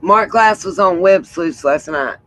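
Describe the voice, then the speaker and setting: A woman hosting a livestream, hoarse and frustrated, who keeps repeating her points with emphasis. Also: fairly low pitch, measured pace, fairly bright tone, low-quality recording. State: hoarse from hollering. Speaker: livestream host. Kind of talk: casual livestream talk.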